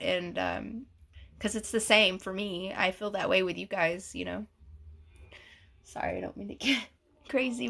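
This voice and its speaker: Chatty bright-voiced woman. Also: a little high. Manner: chatty, giggly, gushing. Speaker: livestream host. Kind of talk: casual livestream chat reading comments.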